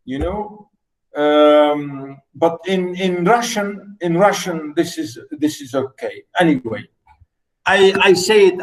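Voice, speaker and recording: A man's voice: a little high, a little slow, low-quality recording. A man giving a recorded literature lecture, hesitant with many fillers and repeated phrases, stopping to explain words and how to pronounce them.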